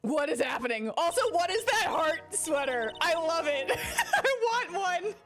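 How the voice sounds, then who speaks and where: Excitable young woman streamer. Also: extremely high pitch. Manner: excitable, loud, quick to laugh and swear at the screen. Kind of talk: let's play commentary. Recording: game music under voice. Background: game music.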